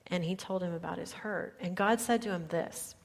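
A woman pastor giving an earnest sermon, often dropping her voice to a soft near-whisper for emphasis. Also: lowish voice, moderate pace, vocal fry.

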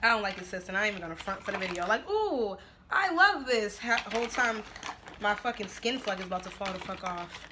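Talking fast in a mid-range, fairly even voice over background noise, a woman vlogs a casual get-ready-with-me chat at home. She's making dinner and doing her makeup while filming, brash and profane, breaking into laughs often.

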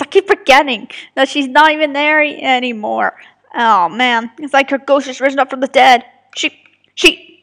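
A woman's voice: high voice, fairly bright tone. A woman recording her own audio drama, chatting to herself through blooper outtakes in a self-mocking way, sighing often. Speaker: writer and voice actor of an audio drama.

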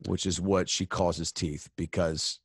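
Deep and unhurried, with a breathy edge, this man keeps a steady tone while guesting on a podcast as a comedian. He rambles through swear-heavy bits full of fillers in relaxed conversation. Sound is dry, at studio quality.

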